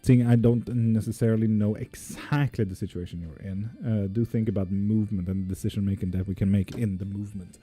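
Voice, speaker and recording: A man reading tarot live and answering viewers' chat questions, relaxed and casual, with the odd swear word. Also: fairly low pitch, brisk, few pauses, slightly rough, dry recording, faint music behind. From not Swedish.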